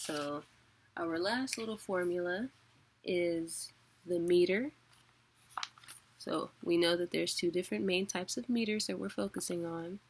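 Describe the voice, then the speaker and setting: A woman's voice: on the low side, unhurried, long pauses, slight background noise. A woman teaching a casual online lesson, explaining patiently with filler words and occasional chuckles. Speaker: poetry teacher.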